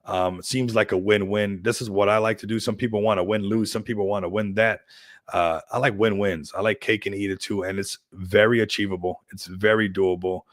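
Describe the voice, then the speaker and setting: Low-ish guy rambling on his crypto livestream, all hyped and laughing, dry sound. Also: fairly even intonation, brisk, dry recording. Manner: rambling, upbeat hype talk with frequent laughs. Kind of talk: casual livestream chat.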